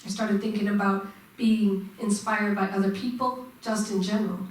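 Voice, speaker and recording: A woman's voice: mid-range voice, little pitch movement, normal speed. Woman, minister, sermon, asks the congregation questions, echoey church, distant mic. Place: church sanctuary.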